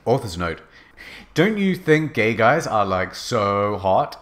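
A man narrating a fanfic as a comedic dramatic reading, in a mock-earnest deadpan. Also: lowish voice, slow, slight background noise.

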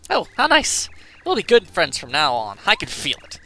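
A man voicing a perky, strong-willed young female Bob-omb in a video game, raised in pitch and chirpy. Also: huge pitch swings, moderate pace, pushed and bright, faint music behind, full character voice. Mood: eager, chirpy.

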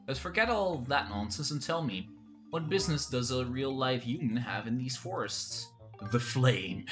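A man's voice: medium pitch, a bit bright. A man voicing an old, drowsy male tree-spirit hermit in a put-on old-man accent, rambling like a conspiratorial storyteller.

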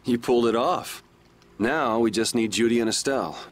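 An actor voicing a laid-back young male swordsman in a video game, relaxed and wry in how he talks. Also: medium pitch, normal speed, a little hiss or hum, natural voice. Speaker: game character.

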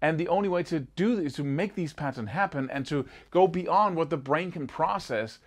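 A man teaching a guitar lesson in a casual, animated way, sometimes singing rhythms as syllables. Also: fairly high pitch, normal speed. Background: guitar playing.

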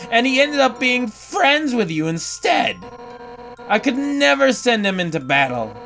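A let's-play gamer voicing a hot-headed fish-monster woman who captains the royal guard, gruff and blunt, slipping into awkward confiding. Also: mid-range voice. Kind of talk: reading game dialogue aloud.

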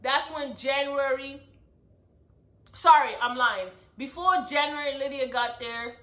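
A high, bright-voiced woman gives a casual recap of a book. She tells the story with animation and keeps checking in with listeners. The room sounds echoey. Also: a little slow. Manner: animated storyteller, asks "right?" often. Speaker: book club host. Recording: roomy echo.

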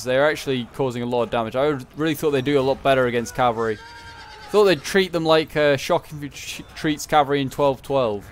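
Chatty man commenting on gameplay. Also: medium pitch. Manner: chatty, self-correcting, rambling asides. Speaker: gaming video creator.

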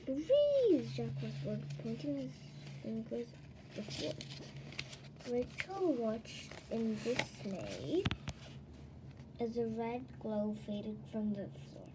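Woman reading a children's book aloud, expressive, lively pitch, hissy recording. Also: takes it slowly. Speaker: storybook reader.

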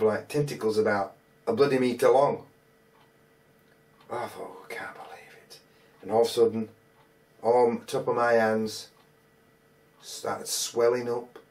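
A man's voice: on the low side, darkish tone, far from the mic. A man telling a casual, rambling anecdote as a metal detecting vlogger, full of colloquial phrases and hesitant restarts. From England.

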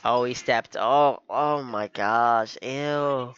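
A man's voice: mid-range voice, slow pace, a bit bright, dull audio, a little hiss or hum. A young man giving casual reaction commentary on an anime episode, laughing often and calling everyone "bro".

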